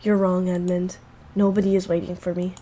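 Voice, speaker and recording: A woman's voice: lowish voice, completely flat delivery, brisk, warm tone, close to an everyday voice. A woman reading aloud the lines of an angry, grieving teenage girl in a horror visual novel, in a bitter, blunt way.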